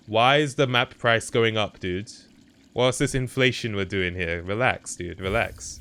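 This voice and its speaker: A man's voice: fairly low pitch, a little slow, a bit bright. A young man streaming a video game, chatting casually and reacting to his chat over noisy audio. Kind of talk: casual live-stream commentary.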